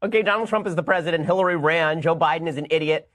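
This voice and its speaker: A male host giving sarcastic news commentary, fast and mocking, breaking into bursts of laughter. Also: a little high, fairly bright tone.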